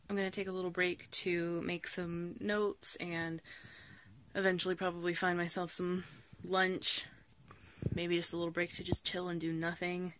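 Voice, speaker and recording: Chatty woman vlogging, low-pitched. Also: fairly bright tone, slight background noise. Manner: chatty, upbeat and self-mocking. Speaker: book vlogger. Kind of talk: casual vlog chat to camera.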